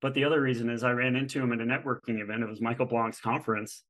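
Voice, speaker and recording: A middle-aged man, a guest on a podcast, telling an animated story in casual conversation and acting out the people he quotes. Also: mid-range voice, very fast, poor audio. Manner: animated storyteller who acts out quoted exchanges. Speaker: guest, real estate fund manager.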